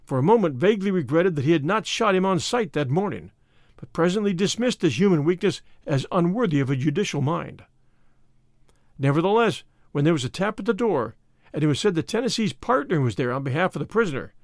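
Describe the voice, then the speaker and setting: Expressive male storyteller, lively pitch. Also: brisk, no room sound, studio quality. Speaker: narrator. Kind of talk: scripted story narration.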